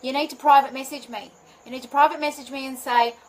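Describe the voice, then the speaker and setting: A woman's voice: sits high, steady tone, fast, rough recording. A woman who works as a spiritual healing mentor, chatting live to her viewers in a bubbly way and often laughing at herself. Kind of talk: live video chat to viewers.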